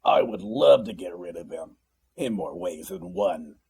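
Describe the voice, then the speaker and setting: A man voicing a gruff, hulking male demon who jokes loudly in a storybook reading. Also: sits low, wildly swooping pitch, a little slow, slight background noise, heavily acted. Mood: gruff joking.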